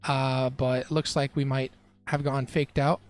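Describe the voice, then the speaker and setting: A man's voice: mid-range voice, little pitch movement, measured pace, clear, resonant tone, soft background music. A young man who trades live on a stream, chatting casually with his chat and laughing often.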